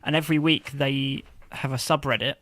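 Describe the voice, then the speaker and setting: A man in casual podcast chat as a guest, talking in a relaxed, offhand way. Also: medium pitch, brisk, dry recording.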